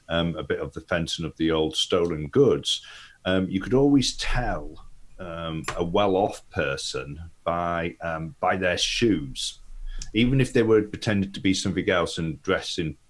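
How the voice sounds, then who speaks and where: A man's voice: deep voice, measured pace. A man speaking as a player in a tabletop game, describing his character with frequent ums.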